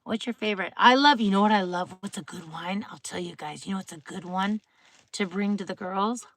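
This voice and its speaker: A middle-aged woman hosts a late-night livestream from home, rambling casually with viewers and greeting them by name. Her voice is medium in pitch and brisk, with no room sound.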